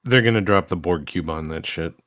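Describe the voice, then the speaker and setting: A man's voice: low voice, a little fast, a bit bright, no echo, studio quality. A young man co-hosting a casual review chat, making wry quips and giving short agreeing replies. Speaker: podcast co-host.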